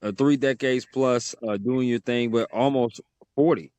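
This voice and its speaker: A man's voice: mid-range voice, measured pace, a little mellow, no room sound. A man hosting a podcast interview, talking casually and with enthusiasm. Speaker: podcast host.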